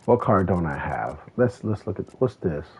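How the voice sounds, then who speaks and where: A man's voice: sits low, expressive, moderate pace, a little mellow, breathy edge. A man streaming a racing game, chatting casually and telling a rambling story with lots of swearing. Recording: tinny phone-like sound.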